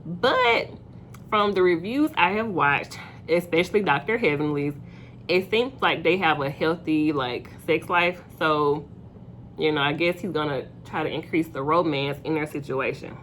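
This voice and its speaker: A woman's voice: low-pitched, a little slow, fairly bright tone, a little hiss or hum. A young woman casually recapping a reality show episode, chatty and opinionated, with plenty of fillers.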